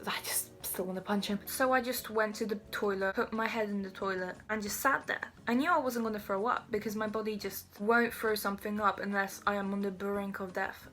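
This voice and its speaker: A woman's voice: medium pitch, fairly bright tone. A teenage girl telling a casual storytime, rambling along with self-deprecating asides. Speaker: vlogger.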